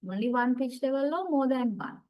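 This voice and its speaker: A woman lecturer giving a university lesson, explaining slowly with frequent "right?" checks and pauses. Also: sits high, expressive, highs cut off.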